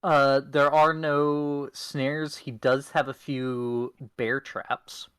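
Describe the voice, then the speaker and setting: A man's voice: mid-range voice, little pitch movement, extremely slow, a bit bright, smooth, no room sound. Laid-back man running a tabletop game. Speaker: game master. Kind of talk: narrating a tabletop game over voice chat.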